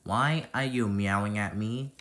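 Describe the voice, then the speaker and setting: A man's voice: on the low side, measured pace, a bit bright. A man voicing a friendly male cartoon bird who patiently explains himself.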